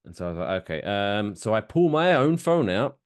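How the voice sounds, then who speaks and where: A man's voice: fairly low pitch, very animated, brisk, clear, resonant tone. A man co-hosting a casual podcast, telling stories with lots of energy and acting out other people's lines. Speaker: podcast co-host.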